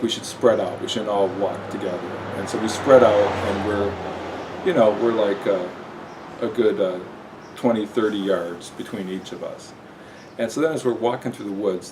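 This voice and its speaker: Brief: man, lowish voice, casual self-mocking storyteller, air conditioner noise behind. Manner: rambling, self-mocking, many fillers.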